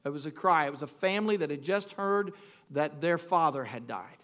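A male pastor preaching a sermon, talking straight to the congregation, calling for responses and moving between quiet storytelling and shouted preaching. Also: a little high, lively intonation, a little fast. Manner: talks directly to the congregation, asks for responses.

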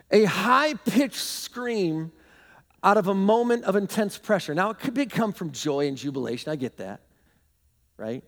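A man preaching a sermon as pastor, telling animated stories with bursts of shouting and laughter. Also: high-pitched, measured pace, pauses often. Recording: long hall reverb.

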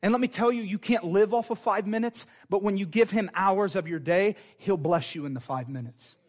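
A man preaching a sermon in a fervent, conversational way, with quick asides to the congregation. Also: high-pitched.

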